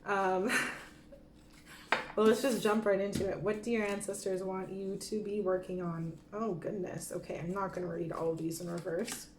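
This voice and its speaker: A woman giving a gentle pick-a-card tarot reading who gets openly emotional and laughs softly. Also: medium pitch, steady tone, normal speed, noisy background. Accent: Michif-speaking Métis greeting and French sign-off. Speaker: tarot reader. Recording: echoey room with faint ambience.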